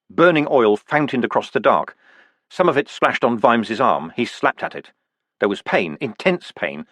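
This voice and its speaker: A male audiobook narrator with a mid-pitched voice and a lively, animated delivery. He reads dramatic fantasy prose with deliberate pauses, and the recording sounds close and dry. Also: no echo. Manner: vivid, expressive reading with deliberate pauses.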